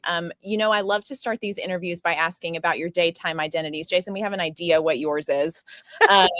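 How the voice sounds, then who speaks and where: A woman's voice: fairly low pitch, fairly bright tone, dry recording. A woman hosting a talk show and interview, gushing and effusive as she speaks. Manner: effusive and gushing, easily choked up. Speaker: show host.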